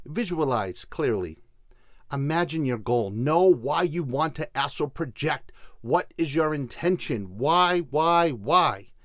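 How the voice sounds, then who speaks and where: A man's voice: medium pitch, no echo, studio quality. A man hosting a show, telling a story and giving tips in an enthusiastic, conversational way. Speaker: host. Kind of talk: casual storytelling and instruction.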